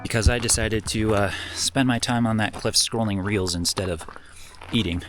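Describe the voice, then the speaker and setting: On an outdoor desert trail, a vlogger with a lowish voice talks at a moderate pace while music plays in the background. Worn out from the long hike, he jokes at his own expense in this casual hiking vlog.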